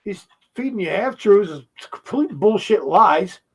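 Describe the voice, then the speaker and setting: Guy with a high voice going off on a video, cursing nonstop, sarcastic and heated. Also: animated, a little slow, slightly rough, poor audio. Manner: profane, mocking, heated. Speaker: commentator reacting to a video. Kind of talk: ranting reaction commentary.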